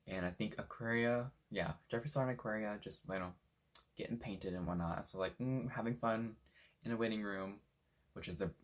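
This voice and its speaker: A young man from Washington State telling a story in a casual, animated way, swearing freely and acting out what people said. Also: on the low side, moderate pace. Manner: animated, swears a lot, acts out quotes. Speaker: vlogger.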